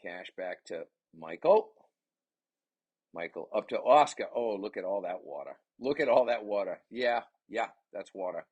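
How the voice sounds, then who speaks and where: Man, play-by-play caller, lively swinging pitch, husky low voice, chatty asides. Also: a little slow, highs cut off. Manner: excitable, chatty, rambling asides. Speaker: parent commentator. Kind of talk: play-by-play commentary.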